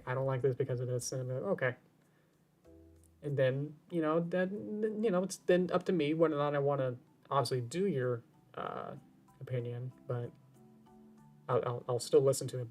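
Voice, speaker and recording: A man's voice: medium pitch, darkish tone. A man game streamer talking casually on his stream, rambling and circling back, often repeating his words as he goes.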